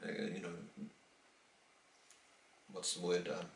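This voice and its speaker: A middle-aged man from New Zealand in a casual interview, telling a story and acting out the quoted voices with lively emphasis. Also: low-pitched, slow pace, gravelly. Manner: animated, acts out quoted dialogue, many restarts. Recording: roomy, distant from the mic.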